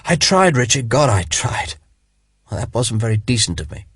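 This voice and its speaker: A man's voice: medium pitch, animated, moderate pace, breathy edge, no echo, clean studio sound. A man voicing a charming young lord who is dying of a wound, speaking faintly and in pain. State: weak and wounded.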